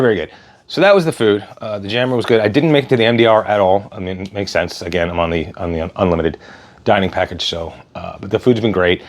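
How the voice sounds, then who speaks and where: Male vlogger, slightly low voice, loose chatty delivery with lots of ums and restarts. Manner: rambling, chatty, with frequent fillers and restarts. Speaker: cruise travel vlogger. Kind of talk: casual spoken review.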